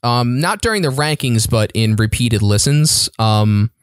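A man's voice: mid-range voice, animated, a little slow, clean tone, dry recording. Eager man in a dry room. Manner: enthusiastic, repeats words, many fillers. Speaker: podcast co-host. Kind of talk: casual chat about a musical.

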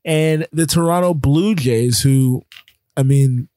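A man hosting a casual sports podcast, chatting about the playoffs with quick asides and frequent ums. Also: on the high side, dark tone, no room sound.

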